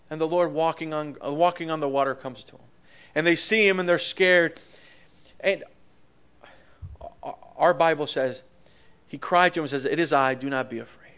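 Man preacher, somewhat high voice, fervent sermon, swells and drops, stumbles over words. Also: normal speed, a bit bright, clean tone. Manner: impassioned, rising and falling in volume, with stammered restarts.

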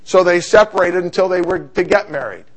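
A middle-aged man preaching a sermon, telling stories in an animated, humorous way. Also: high voice, fairly quick.

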